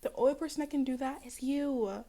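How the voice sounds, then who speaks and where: A young woman talking straight to her viewers in a casual self-help pep talk, sassy and blunt, with swearing, laughter and quick put-on voices. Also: warm tone. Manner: acts out other people's voices in jumps of pitch. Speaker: spiritual self-help vlogger.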